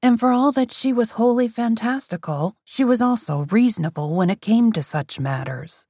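Woman narrator, mid pitch, animated and wry, dry studio read. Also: normal speed, breathy edge, dry recording. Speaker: audiobook narrator. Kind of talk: scripted narration.

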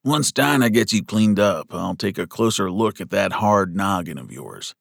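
A man voicing a calm older frontier doctor with dry humor, matter-of-fact, in an audiobook. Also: lowish voice, normal speed, vocal fry, no room sound, exaggerated voice. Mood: steady.

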